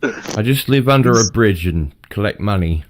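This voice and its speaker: A man hosting a casual livestream chat, teasing in a dry, wry, drawn-out way. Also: fairly low pitch, expressive, a little hiss or hum. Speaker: livestream host.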